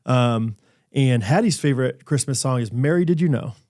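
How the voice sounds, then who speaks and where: A man's voice: mid-range voice, moderate pace, a little mellow. A man co-hosting a casual podcast, telling a goofy everyday story with playful asides. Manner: jokey storyteller, sings snatches in a put-on croon. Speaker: podcast co-host. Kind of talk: casual chat.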